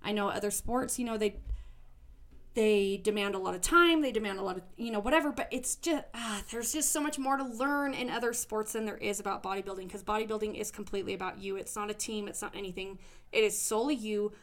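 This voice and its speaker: A woman's voice: mid-range voice, fast talker. A young woman talking casually at home, blunt and frank, swearing freely and rambling through fillers and restarts. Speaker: former bodybuilding competitor. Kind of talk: casual monologue to camera. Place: at home, relaxing.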